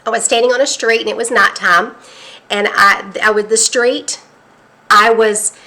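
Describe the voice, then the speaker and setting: A woman from the United States recounting a dream as an earnest spoken testimony, halting and restarting, then pressing urgent warnings. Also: a little high, steady tone, pushed and bright. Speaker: prophetic dream teller.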